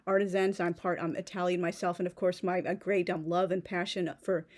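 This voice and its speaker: Woman in her thirties, chatty vlogger voice, rambling with many fillers and restarts, slightly low pitch. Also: level tone, fairly quick, a little mellow. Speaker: pen vlogger. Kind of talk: casual unboxing chat.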